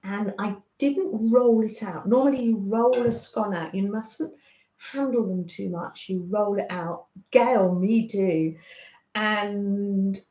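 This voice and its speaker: Slow-talking British woman, roomy dull audio. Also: medium pitch, dark tone. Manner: chatty, reads out viewer comments, laughs often. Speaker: craft livestream host. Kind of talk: casual livestream chat.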